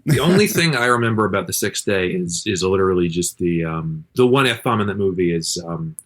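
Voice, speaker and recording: A man's voice: deep voice, animated, fairly quick, hardly any pauses, a bit bright. A man co-hosting a movie podcast, making sarcastic, joking asides with some swearing. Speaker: podcast co-host. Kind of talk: casual movie podcast chat.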